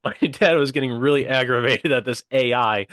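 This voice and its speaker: Young male co-host, casual animated storyteller, dry close mic. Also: mid-range voice, brisk, no echo. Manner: animated, quotes people in put-on voices, laughs often. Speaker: podcast co-host. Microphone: video call.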